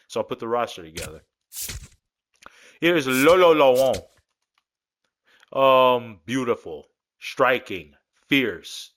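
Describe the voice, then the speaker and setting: A man's voice: mid-range voice, animated, normal speed, long pauses, fairly bright tone. A man giving casual, rambling commentary as a gaming creator, talking through his game creations in a laid-back, joking way. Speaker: gaming YouTuber.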